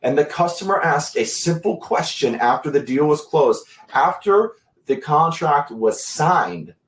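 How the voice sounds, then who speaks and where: A man giving a sales training talk, emphatic and deliberate, pausing for effect. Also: on the high side. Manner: emphatic, deliberate pacing with long pauses. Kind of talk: instructional talk to camera. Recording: echoey room.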